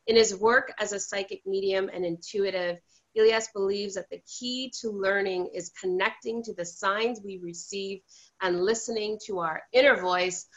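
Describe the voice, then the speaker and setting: A woman's voice: mid-range voice, steady tone, normal speed, muffled recording. A woman hosting a spiritual online interview, gushing and effusive as she welcomes her guest. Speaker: host.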